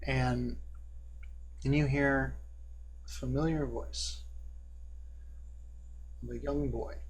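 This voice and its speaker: A man running a tabletop game as game master, describing scenes with a measured, descriptive delivery. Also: mid-range voice, fairly even intonation, a little hiss or hum. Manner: descriptive, measured narration with fillers.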